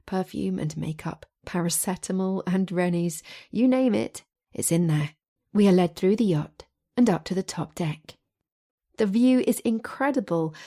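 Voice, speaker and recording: A woman reads a first-person romance audiobook with expressive, lively storytelling. Her voice sits fairly low, with a mellow and softly husky grain. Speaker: audiobook narrator.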